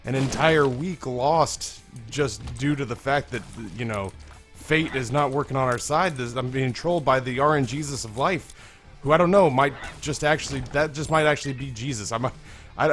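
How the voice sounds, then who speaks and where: Hoarse young man rambling over gameplay. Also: medium pitch, normal speed, fairly bright tone, soft background music. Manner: rambling, candid, swears freely. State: hoarse, strained voice. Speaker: gaming video host. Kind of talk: let's play commentary.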